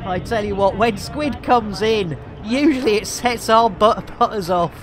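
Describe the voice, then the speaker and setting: A man's voice: high-pitched, unhurried, over music. A man giving rambling, jokey live commentary while streaming a video game. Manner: jokey, rambling, cheeky innuendo, frequent laughter.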